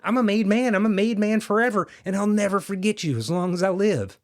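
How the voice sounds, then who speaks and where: Man putting on a high, giddy young male promoter, breathless and gushing. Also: lively intonation, fairly quick, natural voice. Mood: ecstatic.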